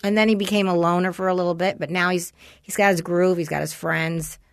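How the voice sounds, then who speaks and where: A woman's voice: lowish voice, fairly quick, no room sound, clean studio sound. A woman in her forties chatting casually with a friend, telling stories animatedly and swearing freely. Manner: animated storyteller, swears freely, acts out dialogue. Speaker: parent of a teenage son. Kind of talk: casual chat between friends.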